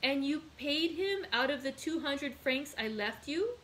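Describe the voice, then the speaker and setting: A woman reading aloud, voicing an earnest, devoted young male sailor with lively emphasis. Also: high voice, measured pace, slight background noise, voice pushed up, rough recording. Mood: distressed.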